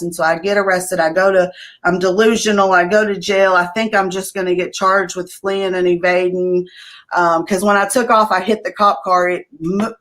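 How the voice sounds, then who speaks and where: A woman's voice: medium pitch, a bit bright. A middle-aged woman, giving a blunt, candid personal recovery testimony as an interview guest. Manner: candid, conversational, blunt with profanity.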